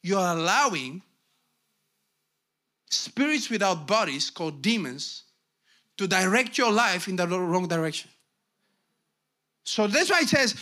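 Middle-aged guy preaching a sermon, really high bright voice, swings from low asides to shouting. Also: sing-song, unhurried, long pauses. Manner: emphatic, calls to the congregation. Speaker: pastor.

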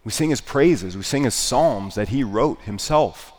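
A man with a hoarse, smoker-like rasp preaching a sermon, lively and emphatic, repeating key phrases. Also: medium pitch, measured pace, long reverb tail.

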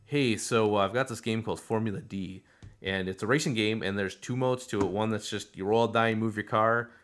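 A man's voice: fairly low pitch, noisy background. A young man co-hosting a podcast, chatting casually and animatedly about board games with many fillers. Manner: animated, fast, lots of fillers. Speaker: podcast co-host. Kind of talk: casual chat.

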